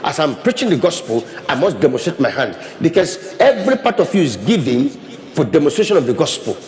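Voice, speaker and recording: Pastor guy preaching, kinda high voice, repeats himself a lot, big echoey hall. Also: fairly quick. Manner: animated, repeats and restarts phrases, demonstrates with hands. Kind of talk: sermon. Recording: long reverb of a hall.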